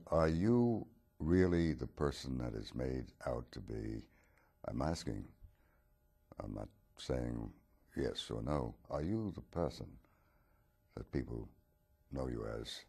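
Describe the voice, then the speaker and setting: A man's voice: very deep voice, slow pace, gravelly, pauses often, darkish tone, slightly rough, exaggerated voice. A man voicing James Bond as a courteous secret agent who interviews with probing questions.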